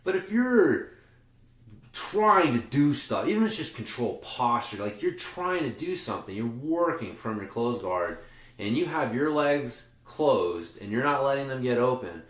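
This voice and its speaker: A man's voice: mid-range voice, big pitch swings, normal speed, a bit bright, echoey room. A man hosting a casual podcast, talking at length in a rambling, profane way with many restarts. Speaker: podcast host and jiu-jitsu coach. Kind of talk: casual chat.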